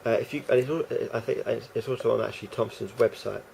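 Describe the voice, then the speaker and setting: A man's voice: mid-range voice, fast, creaky, darkish tone, a little hiss or hum. A man rambling through a casual vlog monologue, hesitant and full of restarts and fillers. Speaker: vlogger.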